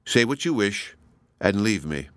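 A proud, queenly woman speaks with bitter scorn, read by a man in an audiobook. The voice sits low and is measured and stately in pace. The sound is close and dry. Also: sing-song, fairly bright tone, no echo.

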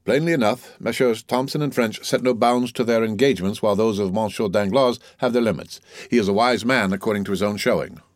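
A man reading the part of a cold, suave, gentlemanly wealthy count, in a coolly ironic, unhurried manner. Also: fairly low pitch, no room sound, lightly acted. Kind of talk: audiobook character reading.

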